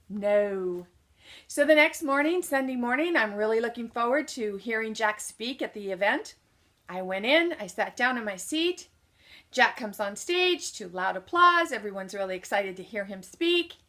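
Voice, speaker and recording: A woman speaker telling a personal story in an animated way, acting out what people said and answering her own questions to the audience. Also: on the high side, moderate pace. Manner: asks the audience questions and answers them herself. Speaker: motivational speaker.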